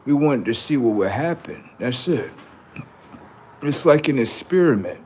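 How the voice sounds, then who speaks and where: A man's voice: medium pitch, animated, a little slow, a little mellow, slight background noise. Man ranting on his livestream, preachy, cussing a lot, rambling on. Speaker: livestream host. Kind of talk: unscripted livestream monologue.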